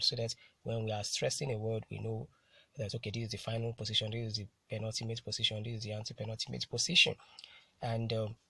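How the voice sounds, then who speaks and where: A man with a husky voice teaches a lesson in a dry, close sound. He talks slowly and with care, repeating key words and spelling out letters one by one. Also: mid-range voice, fairly bright tone, dry recording. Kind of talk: recorded lesson.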